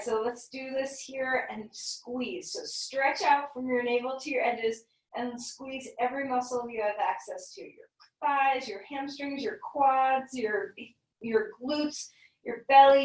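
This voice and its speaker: Gentle woman yoga teacher in an echoey room. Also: high voice, recorded from a distance. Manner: calm, gentle, encouraging cues. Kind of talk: guided yoga class instruction.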